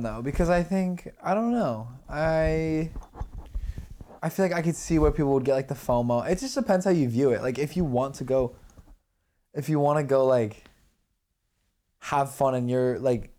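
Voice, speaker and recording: A young man co-hosts a podcast in a warm, medium-pitched voice. The talk is casual and rambling, packed with fillers and restarts.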